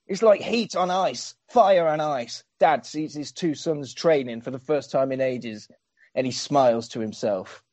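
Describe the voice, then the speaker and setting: A man recaps a film for laughs, swearing and tossing in sarcastic asides. His voice sits a little high. It is recorded close and dry. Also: darkish tone, dry recording. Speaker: podcast host.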